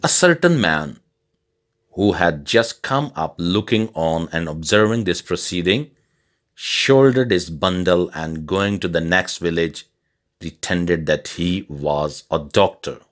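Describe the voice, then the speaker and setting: A man narrates a storybook tale for English learners. His voice sits low, and he reads at a very slow, deliberate pace. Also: lively intonation.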